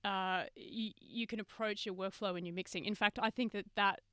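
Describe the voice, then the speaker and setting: A woman's voice: mid-range voice, fairly even intonation, moderate pace, sharp tone, clear, resonant tone, no echo. A woman hosting a livestream masterclass from a studio with a mixing desk, talking casually to viewers and greeting them by name, with many fillers. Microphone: webcam and computer mic on a video stream.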